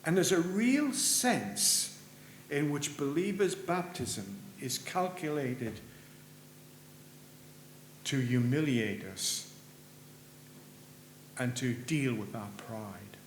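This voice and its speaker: A man preaching a sermon in a church, earnest, rising for emphasis and dropping low at the ends of phrases. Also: big pitch swings, very slow, long pauses. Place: church sanctuary. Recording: roomy church with faint hum.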